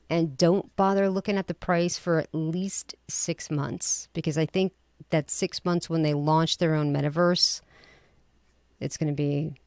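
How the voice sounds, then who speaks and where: A woman's voice: low-pitched, darkish tone, no echo, studio quality. A woman chatting casually as a guest, talkative and opinionated. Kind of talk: casual chat.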